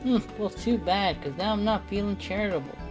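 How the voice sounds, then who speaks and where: A streamer doing a boastful gruff old mercenary. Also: medium pitch, a little fast, music in the background, voice pushed up, natural voice. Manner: swaggering, taunting, folksy slang. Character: boastful gruff retired male mercenary, miller.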